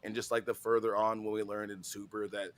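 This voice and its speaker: A tired man co-hosting a podcast in casual chat, excitable and swearing a lot, often trailing off mid-thought. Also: on the low side, a little fast. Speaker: podcast co-host.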